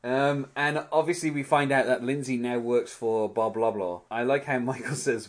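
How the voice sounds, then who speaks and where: A man's voice: mid-range voice, steady tone, normal speed. A man co-hosting a podcast, chatting casually through an episode recap, rambling with lots of fillers and restarts. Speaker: podcast co-host.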